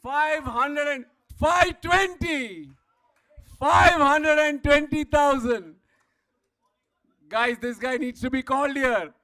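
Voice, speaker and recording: A man's voice: very high-pitched, fairly even intonation. A man working as auctioneer at a live player auction, calling out bids again and again and pushing the room for more. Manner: rapid repetitive bid calling, rising to shouts. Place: event hall.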